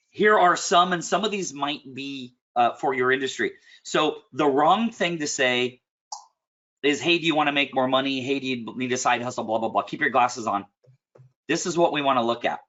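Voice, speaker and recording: A man coaching a client one-on-one in a casual, blunt and animated way, often clearing his throat. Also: on the high side, highs cut off. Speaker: business coach.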